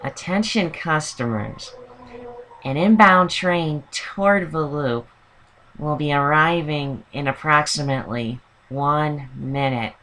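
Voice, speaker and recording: A man imitating a weary recorded female train announcer, nasal and drawn out in a dull monotone. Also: fairly high pitch, slow, pitched above the performer's own voice, exaggerated voice. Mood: bored.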